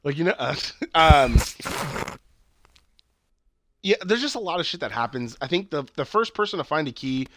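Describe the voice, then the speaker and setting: A man's voice: on the high side, big pitch swings, moderate pace, pauses often, a bit bright, no room sound. Male co-host, loose rambling chat, heavy fillers and cursing, dry sound. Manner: rambling, swears a lot, many fillers and restarts. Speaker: podcast co-host. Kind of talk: casual chat recapping a TV show.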